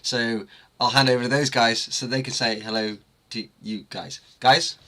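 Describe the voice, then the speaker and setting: A man from England hosting his band's livestream, upbeat and teasing, telling quick anecdotes. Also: mid-range voice, fairly even intonation, bright, forceful tone. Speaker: livestream host. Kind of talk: casual chat.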